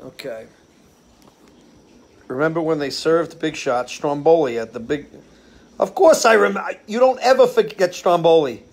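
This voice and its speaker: A man's voice: fairly high pitch, lively intonation, measured pace, pauses often, darkish tone. Chatty man rambling on his porch. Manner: rambling storyteller, chatty, loses his train of thought. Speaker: live-stream show host. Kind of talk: casual live-stream chat. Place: outdoors on a porch under a ceiling fan.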